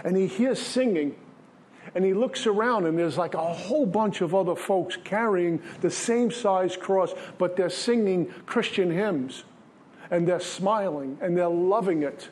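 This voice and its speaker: A man's voice: high voice, unhurried, a little mellow, a little hiss or hum. A man giving an earnest personal spiritual testimony at a recovery meeting, telling a story in plain everyday words.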